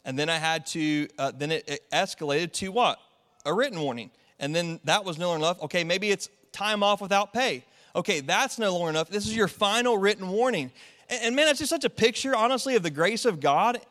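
A man delivers a sermon in a loose, chatty way, tossing in fillers and quick asides to the congregation. His voice sits high for a man. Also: expressive, fairly bright tone, long reverb tail. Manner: casual, conversational preaching with many fillers. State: tearful, sniffling. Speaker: pastor.

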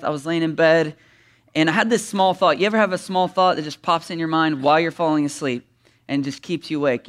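Male pastor, animated sermon delivery, high-pitched bright tone. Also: smooth. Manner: animated, reads scripture dramatically, then chats with humor.

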